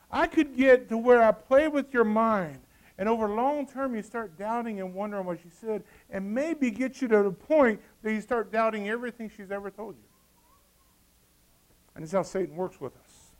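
A man preaching a sermon, lively and folksy, throwing joking asides to the congregation. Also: sits high.

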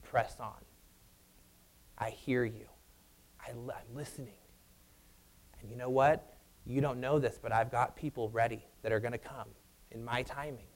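A man voicing God, who speaks in a hushed, gentle and encouraging way. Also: mid-range voice, fairly even intonation, unhurried, long pauses, natural voice, poor audio.

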